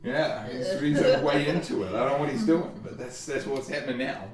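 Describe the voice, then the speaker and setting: A man's voice: mid-range voice, a little fast, over music. A man narrating a tabletop game as game master, rambling and hesitant, with many fillers. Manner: rambling and hesitant, full of "sort of" and "like". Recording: roomy, from far off.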